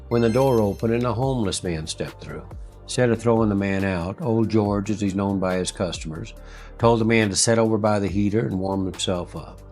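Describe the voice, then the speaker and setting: A male host narrating a heartfelt story in a slow, earnest, folksy way. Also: on the low side.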